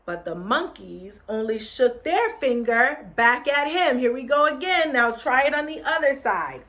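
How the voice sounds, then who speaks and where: A woman teacher reading a picture book aloud to children, gently encouraging them to join in with movements. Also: sits high, animated. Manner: slow, gentle, encouraging, leading children in actions.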